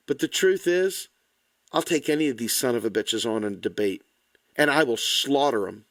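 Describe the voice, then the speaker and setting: A man's voice: a little high, brisk, no echo. A man delivering an impassioned, angry, blunt political rant to the camera, swearing freely. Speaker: political commentator.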